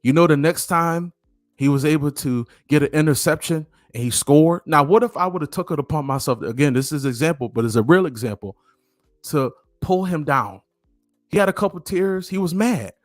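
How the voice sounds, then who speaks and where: A man's voice: on the high side, expressive, normal speed, no echo, clean studio sound. A middle-aged man giving an earnest motivational talk to camera, repeating phrases for emphasis, with faint music behind him. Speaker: motivational speaker.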